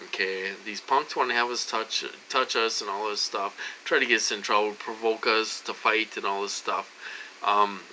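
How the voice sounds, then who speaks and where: Rambling man in his forties, bright voice. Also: on the low side, fairly even intonation, normal speed, slight background noise, rough recording. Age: 40s. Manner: rambling, restarts, addresses viewers as "you guys"; gets loud and agitated when retelling a confrontation. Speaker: vlogger. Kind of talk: casual rambling vlog monologue.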